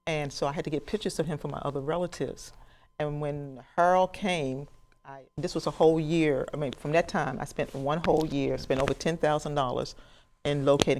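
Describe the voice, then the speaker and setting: A woman's voice: deep voice, slight background noise. A woman in her sixties, a professional genealogist, telling a story to an audience and acting out the conversations in it. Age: 60s. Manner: animated storyteller who acts out dialogue and laughs.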